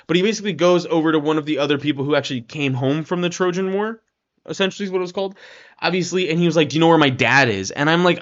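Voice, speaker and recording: A man's voice: a little high, muffled recording. A man giving a casual, rambling film review rant, leaning on "like" and "right?" and swearing now and then.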